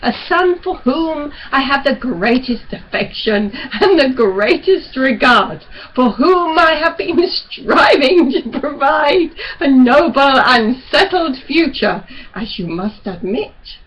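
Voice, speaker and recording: A woman reading the lines of a stern, domineering older father who grows forceful when pressed, at a slow pace. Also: high-pitched, expressive, dull audio, heavily acted. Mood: firm.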